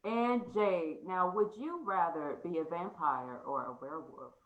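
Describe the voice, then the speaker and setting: A woman hosting a casual chat, loose and joking, quick to laugh. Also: on the low side, phone-quality sound. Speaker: host. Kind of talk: casual video call chat. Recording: echoey room.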